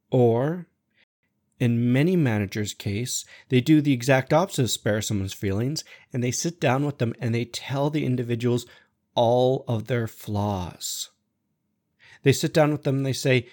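A man hosting a podcast, giving a blunt, profane, animated monologue about workplace feedback and managers. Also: medium pitch. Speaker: podcast host.

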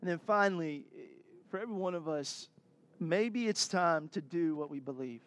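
Higher-pitched pastor preaching. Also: male voice, moderate pace, a bit bright, slight background noise. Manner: earnest, exhorting, with laughs and asides. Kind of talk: sermon.

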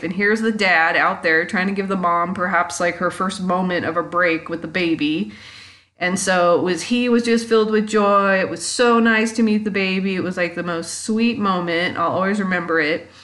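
A woman hosting a podcast, telling personal stories in a chatty monologue and acting out quotes with big jumps in pitch. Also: a bit bright. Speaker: podcast host.

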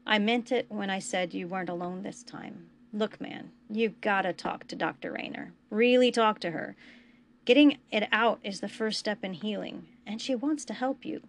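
A woman reading a story aloud, voicing a steady young man who comforts a friend in a gentle, earnest way. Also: medium pitch, normal speed, gravelly, close to an everyday voice. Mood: reassuring. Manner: gentle, reassuring, warmly earnest.

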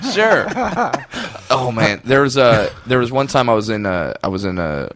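A man's voice: medium pitch, big pitch swings, moderate pace, fairly bright tone. A man co-hosting a podcast who tells a story and acts out the lines of the people in it. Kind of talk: casual podcast chat.

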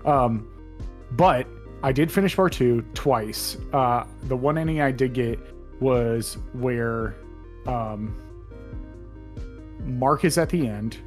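A man's voice: medium pitch, slow, long pauses, soft background music. A man casually chatting on a podcast, rambling with lots of fillers and restarts. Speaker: podcast co-host. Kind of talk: casual chat.

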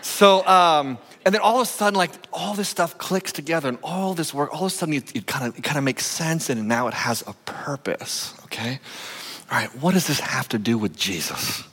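A male senior pastor preaching a sermon in a playful, animated way, coaching a volunteer through a skit. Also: a little high, fairly quick, slightly rough. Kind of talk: sermon with a live audience skit. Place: church sanctuary. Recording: long echoing church hall.

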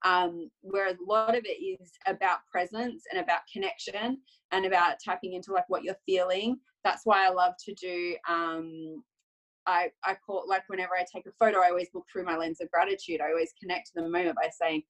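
A young adult woman photographer talking casually, lively and often acting out quoted self-talk with laughs. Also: lowish voice, normal speed, rough recording. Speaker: photographer guest. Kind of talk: casual conversational chat.

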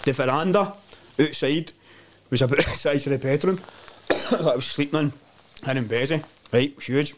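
A man's voice: a little high, normal speed, pauses often, a little hiss or hum. Swearing Scottish man telling stories. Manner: animated storyteller, swears freely, mimics voices in quotes. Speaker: podcast guest. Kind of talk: casual chat.

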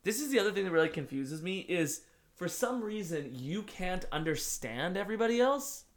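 A man co-hosting a casual game review podcast, talking in a rambling, animated way with lots of filler words and casual swearing. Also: high voice, normal speed. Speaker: podcast co-host.

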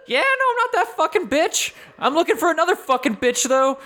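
A man's voice: very high voice, very animated, fairly quick, bright, forceful tone, voice pushed up, full character voice. A man voicing an angry, foul-mouthed female wraith in a tabletop game, crude and mocking. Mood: spiteful.

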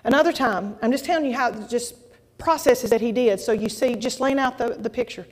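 A woman preaching a testimony sermon to a congregation, folksy and animated, with exclamations and asides. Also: fairly high pitch, brisk. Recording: long hall reverb.

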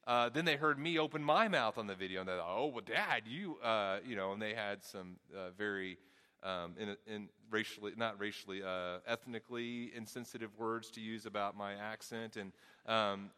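A middle-aged man preaching a sermon with a softened Southern accent, earnest and repeating words as he thinks aloud. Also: lowish voice, fairly even intonation, normal speed, clean tone. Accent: Southern US, softened by Midwest. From American South. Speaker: pastor. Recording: long reverb of a large hall.

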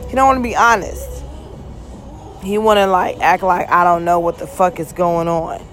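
A woman hosts her own podcast, delivering a blunt, profane, rambling monologue and yawning often. Her voice sits on the low side, a bit bright, with fairly even intonation and normal speed, over soft background music.

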